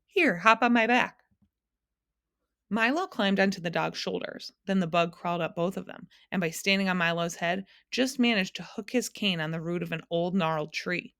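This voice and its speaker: A woman teacher reading a children's novel aloud in an expressive storytelling manner. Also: lowish voice, brisk, few pauses, dry recording, clean studio sound.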